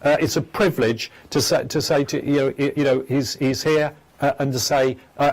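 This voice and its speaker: A man hosting a live phone-in show as a psychic medium, speaking gently and haltingly, with many stammers and restarts. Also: medium pitch.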